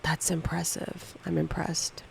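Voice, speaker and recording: A woman's voice: deep voice, level tone, unhurried, gravelly, slight background noise, poor audio. A woman in her thirties chatting casually on a livestream, candidly answering viewer questions one by one. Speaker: livestream co-host.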